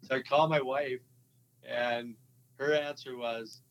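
This ex-hockey player, speaking with a Minnesotan accent, shares his story in a casual interview full of hesitations, fillers, and restarts. The voice is medium in pitch and the recording is rough.

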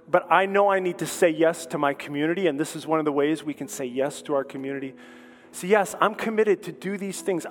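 A man preaching a sermon as pastor, with impassioned, repetitive exhortations that build up and then soften into prayer. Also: sits high, in a large hall.

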